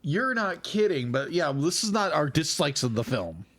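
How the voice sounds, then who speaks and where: Excitable young male co-host, lots of pitch swings, slightly high. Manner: excitable, quick interjections. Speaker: podcast co-host. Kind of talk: casual movie review chat.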